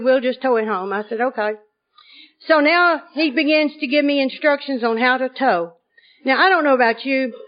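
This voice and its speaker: A high-pitched woman tells a humorous personal story to a live audience. She has a lively, comic delivery and often laughs as she talks. The sound is dull and lo-fi, like an old conference tape. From Arkansas. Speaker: speaker at a recovery conference.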